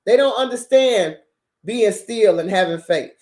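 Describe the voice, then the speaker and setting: With a mid-range voice and an unhurried pace, a female channel host tells stories in a relaxed solo talk. Her delivery is animated and full of swearing and frequent laughter, captured with a roomy sound.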